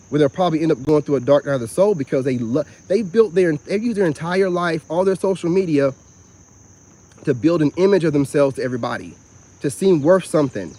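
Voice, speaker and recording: Guy rambling outside, kinda high voice, lots of "you know what im saying", crickets in the back. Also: a little mellow. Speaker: self-styled spiritual vlogger. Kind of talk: casual monologue to camera.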